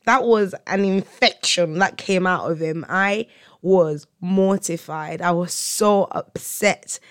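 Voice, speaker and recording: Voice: medium pitch, takes it slowly, clean tone, no echo. A podcast host chatting alone in a hotel room, telling stories with comic exaggeration and bursts of laughter. The voice sits mid-range and sounds dry and close. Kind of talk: solo storytelling chat.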